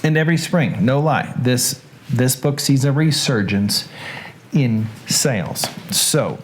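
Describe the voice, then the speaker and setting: A man's voice: medium pitch, slow pace, a little hiss or hum. A man with a Southern accent hosting a casual livestream, chatting in a rambling way with asides and restarts. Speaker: host.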